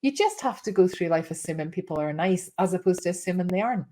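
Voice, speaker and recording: A Scottish woman in her thirties giving casual side-hustle advice, chatty and animated, acting out the people in her stories. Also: fairly low pitch, quick pace, a little hiss or hum. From Scotland. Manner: chatty, animated storyteller, acts out quoted voices. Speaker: small business vlogger.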